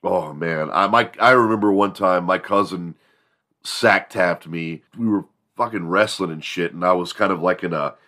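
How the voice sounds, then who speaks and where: A man with a very low voice and a bright, forceful edge hosts a morning show. He tells comedic stories in a rambling, profane, animated way. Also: moderate pace. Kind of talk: comedic storytelling.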